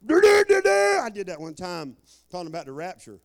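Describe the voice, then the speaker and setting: Animated preacher man, high lively voice. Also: fast. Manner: animated, whooping and shouting, folksy preaching. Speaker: pastor. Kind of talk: lively sermon.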